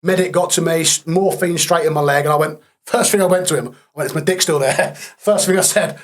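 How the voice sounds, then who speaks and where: A man sits as a podcast guest and recounts his story plainly, blunt and matter-of-fact, with flashes of dark humour. His voice sits a little high for a man. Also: fairly even intonation, a little fast. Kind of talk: candid storytelling interview.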